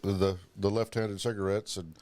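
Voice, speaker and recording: This man has a somewhat low voice. He hosts a laid-back podcast and tells stories full of swearing, jumping into the voices of the people he quotes as he goes. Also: moderate pace. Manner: profane, animated storyteller acting out quoted voices. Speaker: podcast host. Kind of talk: casual storytelling chat.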